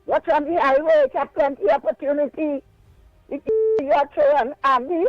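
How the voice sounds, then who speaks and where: A woman's voice: high voice, steady tone, moderate pace, no room sound. Insistent older Trinidadian woman on phone. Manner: insistent, repeating questions. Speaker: caller. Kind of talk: call-in radio complaint. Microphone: telephone. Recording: muffled phone line.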